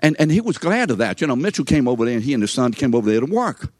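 A man's voice: medium pitch, very animated, very fast, no room sound, clean studio sound. An older man giving a sermon as a story, chatty and conversational, speaking straight to his listeners. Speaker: preacher.

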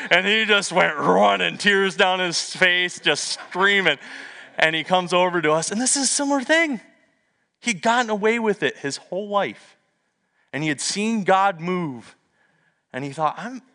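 Brief: middle-aged man, pastor, bright and sharp tone, animated sermon storyteller. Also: sits high, gravelly. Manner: lively storytelling with asides and self-deprecating humor.

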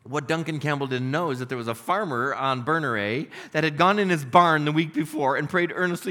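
A man preaching a sermon, telling a story and acting out its characters with lively expression. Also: on the high side, fairly quick, few pauses. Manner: animated, voices characters in stories. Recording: reverberant hall.

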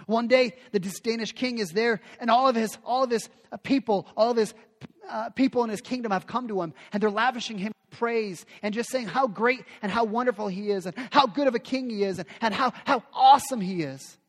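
A man's voice: extremely high pitch, brisk. A man preaching a sermon with emphatic delivery, often repeating phrases for effect. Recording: long hall reverb.

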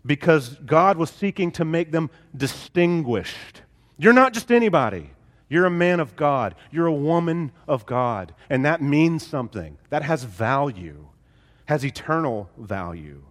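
A man's voice: a little high, big-room sound. A male pastor preaching a sermon, emphatic and building on repeated phrases.

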